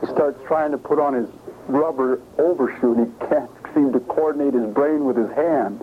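A man's voice: mid-range voice, normal speed. Man preaching over a tinny, hissy recording. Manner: emphatic, asks the audience questions. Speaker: preacher teaching a Bible study. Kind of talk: sermon-style Bible study. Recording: lo-fi phone-like recording with faint hiss.

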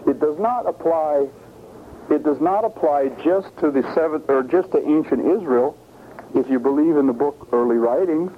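A man's voice: a little high, moderate pace. A man preaching in a sermon-style Bible study, emphatic and asking his listeners questions. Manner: emphatic, asks the audience questions. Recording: lo-fi phone-like recording with faint hiss.

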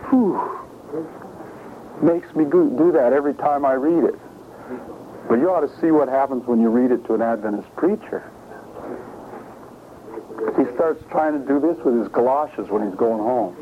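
A man's voice: medium pitch, normal speed, pauses often. A man preaching in a sermon-style Bible study, emphatic and asking his listeners questions. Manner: emphatic, asks the audience questions. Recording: lo-fi phone-like recording with faint hiss.

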